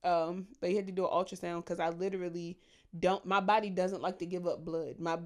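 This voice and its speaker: Animated profane podcast co-host woman. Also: brisk. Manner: animated storyteller, acts out gossip in high mock voices; profane, slangy. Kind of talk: casual chat.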